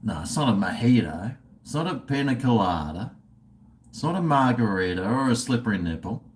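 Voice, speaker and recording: A man's voice: medium pitch, sing-song, a little fast, slight background noise. A middle-aged man with an Australian accent, chatting casually and profanely with livestream viewers while drinking. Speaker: livestream host.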